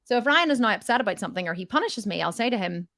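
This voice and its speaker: A woman's voice: mid-range voice, lively intonation, very fast, a bit bright, no room sound, studio quality. A middle-aged woman giving motivational coaching in a question-and-answer talk, emphatic and repeating her points for weight. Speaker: fitness and mindset coach.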